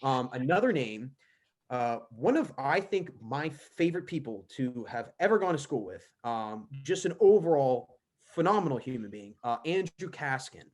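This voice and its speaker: A man's voice: medium pitch, sing-song, moderate pace, a little mellow. Young man rambling in casual chat. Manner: rambling, lots of "like" and restarts. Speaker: podcast guest.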